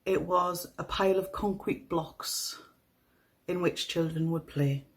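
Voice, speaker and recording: A woman with a toned-down Northeast English accent narrating a true crime story in a measured, somber manner. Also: lowish voice, fairly even intonation, poor audio. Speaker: podcast host.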